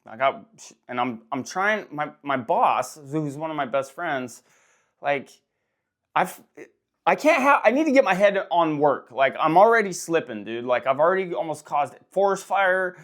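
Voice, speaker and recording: A man's voice: fairly high pitch, very animated, moderate pace, fairly bright tone. A middle-aged man hosting a frank, rambling personal monologue, swearing often and restarting his sentences. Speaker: host.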